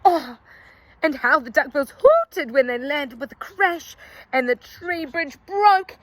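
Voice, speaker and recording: A woman reading a picture book aloud to children in an animated, sing-song way, asking the listener questions along the way. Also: high-pitched, slow. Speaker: storyteller for children.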